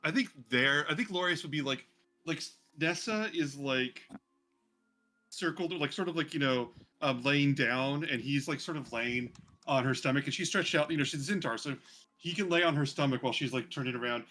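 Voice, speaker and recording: A man's voice: mid-range voice, moderate pace, pushed and bright, faint music behind. A man narrating a tabletop game as game master, rambling and improvising with lots of fillers.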